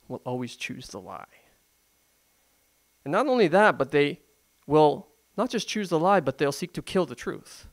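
A pastor preaching a sermon in a conversational, emphatic way, full of rhetorical questions. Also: male voice, a little high.

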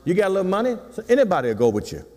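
This sixty-something pastor's voice sits high and swoops wildly in pitch as he preaches rapid-fire, a little mellow in tone. Folksy and teasing, he calls out for congregational responses in a church sanctuary with long hall reverb.

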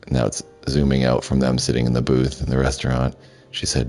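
A man with a very low, deep voice narrates a video game on a live stream. He reads the on-screen lines in a flat, plain way and breaks in with casual remarks of his own. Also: a little fast. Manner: reads the subtitles aloud flatly, with asides. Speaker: streamer reading game dialogue aloud.

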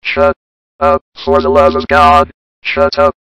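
A robot alien killer, super deep flat monotone, crisp but kinda dull lo-fi sound. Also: moderate pace, no room sound. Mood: exasperated. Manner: monotone commands, harsh and clipped. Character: menacing alien war machine, cold, relentless. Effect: robot filter.

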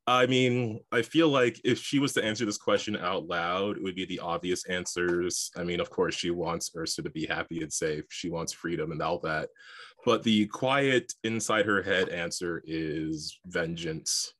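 Chatty low-voiced man at a game table. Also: moderate pace, a bit bright. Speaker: player. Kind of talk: casual chat on a game stream.

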